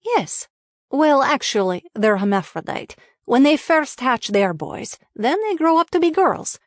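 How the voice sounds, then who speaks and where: A woman's voice: sits high, big pitch swings, measured pace, no echo, clean studio sound, pitched above the performer's own voice, exaggerated voice. A woman voicing a matter-of-fact Russian-accented female leech healer who speaks broken English, within a memoir audiobook. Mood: amused, chatty.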